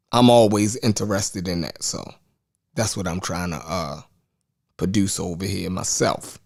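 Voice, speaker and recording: A man with a Baltimore accent hosts a live online show in a mid-range voice, chatting in a rambling, laid-back livestream style full of fillers and shout-outs to viewers.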